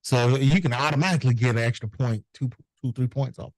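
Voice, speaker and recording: A middle-aged man, a notary business owner, telling animated, profane anecdotes in a casual interview and acting out the people in them. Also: medium pitch, fairly quick, no room sound, poor audio.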